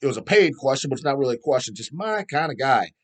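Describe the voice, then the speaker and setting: A man's voice: mid-range voice, fast talker. A middle-aged man hosting a metal channel, ranting profanely and answering viewer questions. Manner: profane, animated, mocks people in put-on voices.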